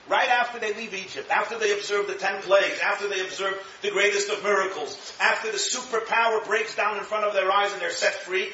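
Bright-voiced rabbi in an echoey room. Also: male voice, high-pitched, a little hiss or hum. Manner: animated, acts out quotes, chuckles at own jokes. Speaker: rabbi teaching Torah. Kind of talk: lively Torah lecture. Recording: echoey room, distant mic, dull sound.

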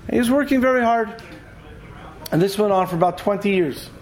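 A man teaching a Torah class who tells animated stories and acts out the characters. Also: sits high, brisk, rough recording. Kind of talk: storytelling lecture.

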